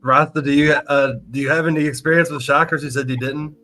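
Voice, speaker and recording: A man's voice: on the high side, steady tone, a little fast, pushed and bright, faint music behind. A man co-hosting a podcast, talking in an easygoing, conversational way. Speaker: podcast co-host. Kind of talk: casual chat.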